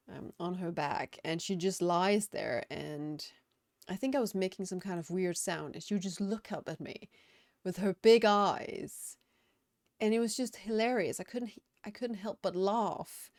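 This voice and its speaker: A woman's voice: fairly low pitch, darkish tone, dry recording, clean studio sound. A woman game streamer chatting casually and reflectively on a live stream, often laughing.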